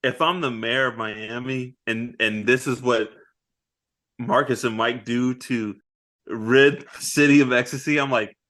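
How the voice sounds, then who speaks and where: A man co-hosting a casual movie podcast, retelling scenes with animated quoted lines and frequent laughter. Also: mid-range voice, unhurried. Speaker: podcast co-host.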